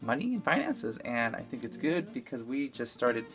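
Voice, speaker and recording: A relaxed man co-hosting a casual chat. He talks loosely, with plenty of ums and restarts, while soft guitar music plays faintly behind him. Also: mid-range voice, normal speed. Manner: easygoing, rambling, with filler ums. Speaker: co-host.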